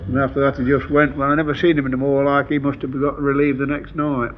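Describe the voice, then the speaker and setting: A man's voice: mid-range voice, little pitch movement, quick pace, heavy background noise. Chatty old man in a dull archive clip. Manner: chatty, acts out quoted dialogue. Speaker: war veteran interviewee. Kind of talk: anecdotal storytelling.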